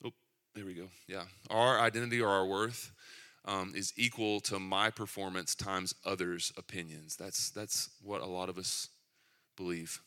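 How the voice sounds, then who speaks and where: Speaking at a moderate pace, this middle-aged pastor has a low, steady voice that is sharp yet clean. He preaches a church sermon in a conversational way, joking between points and making self-deprecating asides about his children.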